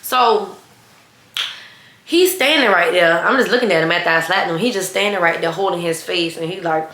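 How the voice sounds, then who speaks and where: A woman's voice: lowish voice, moderate pace. Sassy young woman telling a story. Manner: animated, blunt, sassy, laughs a lot. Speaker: vlogger. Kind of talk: casual storytime vlog. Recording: roomy echo.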